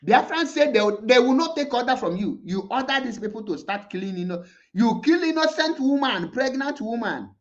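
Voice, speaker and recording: A man's voice: very high voice, expressive, moderate pace. Taunting, laughing Nigerian man, lo-fi. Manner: taunting, laughing, repeats words. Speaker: online commentator. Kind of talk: mocking commentary over a played video. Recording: dull lo-fi sound.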